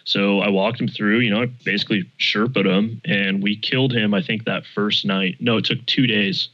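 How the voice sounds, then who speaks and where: A man in casual chat, telling gaming stories with animated energy and casual swearing. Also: on the low side, normal speed. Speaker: podcast guest. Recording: dull lo-fi mic.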